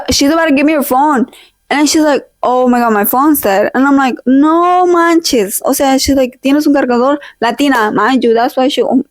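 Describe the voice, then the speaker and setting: A woman's voice: high-pitched, dry recording. A young woman hosting a casual vlog, telling a story in a chatty, slangy way and dropping in Spanish phrases, recorded on a poor home mic she sometimes drifts away from. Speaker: podcast vlog host. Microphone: handheld or desk mic, drifts off it.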